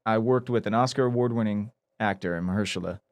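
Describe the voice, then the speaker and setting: A man, a guest actor, chatting casually on a podcast and telling lively stories about his work. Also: lowish voice, quick pace, dry recording. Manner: animated storyteller, slips into character voices.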